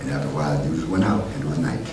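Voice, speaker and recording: A man preaching a sermon as pastor, swinging between loud emphatic peaks and quieter conversational asides to the congregation. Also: extremely low pitch, rapid-fire. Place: church sanctuary. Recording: roomy church hall from far off, noisy.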